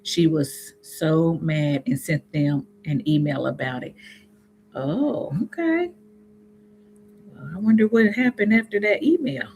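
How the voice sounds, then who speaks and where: A woman's voice: deep voice, animated, slow, darkish tone, a little hiss or hum. A middle-aged woman from Indiana, with an Indiana accent and some Southern sayings, chatting in a rambling way with her viewers on a livestream and often laughing at herself. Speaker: natural hair YouTuber hosting a livestream. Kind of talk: casual livestream chat with viewers.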